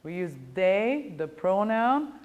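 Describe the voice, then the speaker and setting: A woman's voice: medium pitch, lively intonation, slow, darkish tone, lo-fi sound. A middle-aged woman, a native German speaker, teaching German in a bare classroom, explaining grammar in English with German mixed in and checking in with "ja?" and "you know". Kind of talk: classroom lecture.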